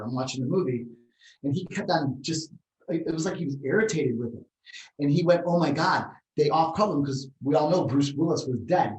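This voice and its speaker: A man co-hosting a martial arts talk show, telling rambling, animated stories in casual chat. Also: on the high side, recorded from a distance. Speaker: martial arts podcast co-host. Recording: roomy, set back from the mic.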